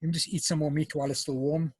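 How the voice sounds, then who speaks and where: In a rapid-fire, flat delivery, this man's high, slightly rough voice comes through a dry recording. He has a South African accent and chats through a live cooking demo on a video call, explaining each step and eating as he talks.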